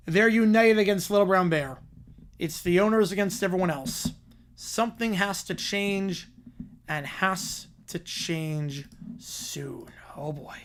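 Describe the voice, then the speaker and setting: A man's voice: high voice, fairly bright tone. A man hosting a livestream who reads a chaotic fan story aloud and keeps breaking off to comment and laugh. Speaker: livestream host.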